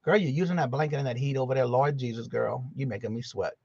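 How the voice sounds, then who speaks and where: A man's voice: mid-range voice, fast, vocal fry, a little mellow, slightly rough, no room sound. A man hosting a casual morning livestream, greeting viewers by name in a chatty, drawling way. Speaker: livestream host. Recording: slightly dull, lo-fi sound.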